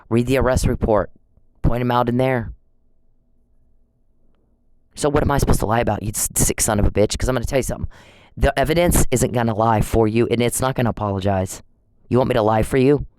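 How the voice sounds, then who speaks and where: A man's voice: mid-range voice, darkish tone, no echo, rough recording. A man in an angry, confrontational rant at home, accusing and taunting someone with repeated challenges.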